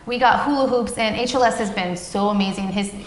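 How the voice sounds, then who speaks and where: A woman with a brisk, mid-range voice is a guest in a casual café interview, speaking as the parent of a child with epilepsy. She tells her story with animation, acting out the dialogue she quotes. The room is echoey and reverberant, with faint background noise.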